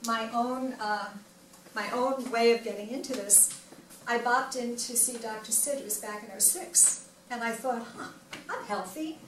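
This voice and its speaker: An older woman giving a personal wellness talk at a library event, telling her story in an animated way and acting out the dialogue. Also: on the high side, unhurried. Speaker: wellness speaker. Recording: echoey room from far off, noisy.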